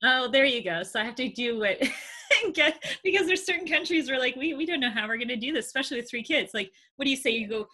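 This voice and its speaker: A woman's voice: sits high, animated, fast, pushed and bright. A woman hosting a casual interview over a video call, reacting expressively with laughs. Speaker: interviewer, host. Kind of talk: casual chat.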